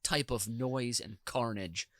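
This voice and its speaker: Podcast host, male, mid pitch, bright forceful tone, animated and profane, dry sound. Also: slow, no echo. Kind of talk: casual chat.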